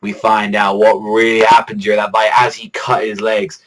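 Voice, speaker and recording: A man hosting a manga reaction video in excitable, rambling casual commentary, swearing a lot and stacking fillers. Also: lowish voice, moderate pace, rough recording. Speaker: manga reaction channel host.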